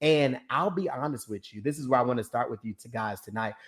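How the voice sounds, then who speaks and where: A man's voice: mid-range voice, fairly quick. A young man with a preacher's manner, talking about fitness, calling out to his listeners and laughing often. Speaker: ministry founder and personal trainer. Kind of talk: lively preaching-style talk to an online audience.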